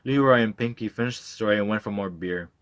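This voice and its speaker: Male reader, low voice, plain narration, dry sound. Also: a bit bright, dry recording. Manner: plain measured narration with small stumbles. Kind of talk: reading a novel aloud.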